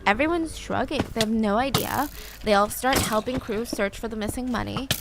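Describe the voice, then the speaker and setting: A woman's voice: a little high, moderate pace, background noise. Chatty woman telling a true story. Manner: chatty, peppered with "like" and asides. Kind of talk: casual story narration.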